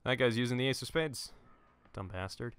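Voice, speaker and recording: A young man hosting a gaming channel, giving excitable, jokey play-by-play commentary into a headset and swearing when he dies. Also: mid-range voice, moderate pace. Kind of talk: let's-play gameplay commentary.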